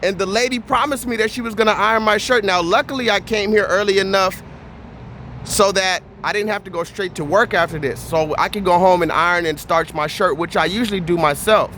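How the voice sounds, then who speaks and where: A man with a fairly high voice rants through a vlog story, blunt and animated, swearing freely. His delivery is heated and conversational, and a faint noise sits underneath. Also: a little fast. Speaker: vlogger. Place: Houston area.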